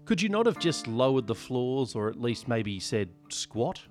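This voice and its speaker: A man's voice: medium pitch, sing-song, normal speed, soft background music. A man, co-hosting a casual comedy podcast and telling stories in a dry, joking way. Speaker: podcast co-host.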